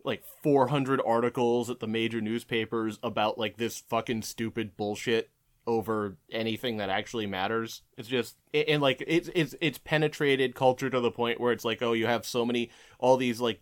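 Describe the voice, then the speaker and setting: A man's voice: mid-range voice, fairly even intonation, moderate pace. A man in his forties in casual podcast chat, rambling and profane, with lots of "like".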